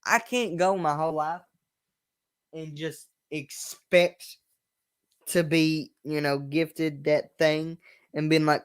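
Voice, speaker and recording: A man's voice: a little high, steady tone, slow, smooth, no room sound, clean studio sound. A young man hosting his own show, talking in a blunt, emphatic way, swearing freely and often restarting his words. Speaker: host. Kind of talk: casual personal monologue.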